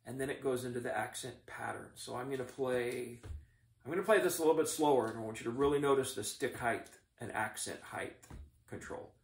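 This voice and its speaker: Drumline instructor in an echoey room. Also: male voice, mid-range voice, fairly quick, creaky. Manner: methodical, encouraging coaching. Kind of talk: instructional demonstration. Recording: echoey room, mic at a distance.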